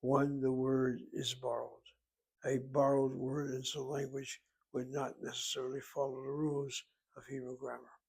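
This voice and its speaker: Husky, flat-voiced male Hebrew teacher. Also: medium pitch, normal speed. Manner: methodical, explains step by step. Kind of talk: recorded language lesson.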